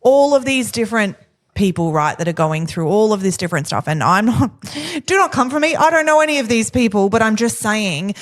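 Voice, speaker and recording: A woman's voice: medium pitch, expressive, a little fast, hardly any pauses. A woman with an Australian accent co-hosting a podcast, chatty, speeding up when she quotes herself. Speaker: podcast co-host. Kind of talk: candid podcast conversation.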